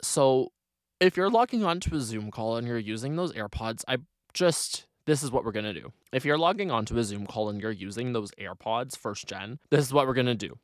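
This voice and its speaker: A young man hosting his own solo podcast, talking in an animated, chatty way with lots of "like" fillers. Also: mid-range voice, brisk, no echo, studio quality. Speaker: podcast host.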